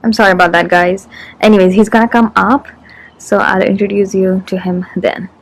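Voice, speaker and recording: A woman vlogging casually, chatting excitedly and talking straight to her viewers. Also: mid-range voice, normal speed, rough recording. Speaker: lifestyle vlogger. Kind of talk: casual vlog narration to camera.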